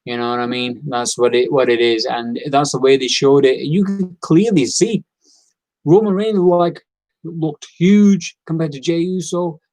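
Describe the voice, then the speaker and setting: A man's voice: on the high side, measured pace, darkish tone, dry recording, low-quality recording. A man giving a casual, opinionated wrestling review, rambling with fillers and repeats. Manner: acts out quoted lines in character.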